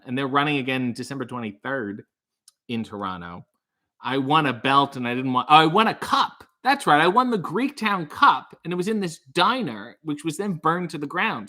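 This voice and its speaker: A comedian host reading out viewer comments on a casual livestream, with sarcastic, deadpan asides. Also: male voice, medium pitch.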